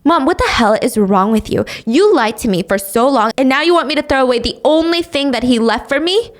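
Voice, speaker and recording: A woman voicing a young grieving daughter, high and indignant as she argues and pleads, in a drama recap. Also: lively intonation, a little fast. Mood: upset.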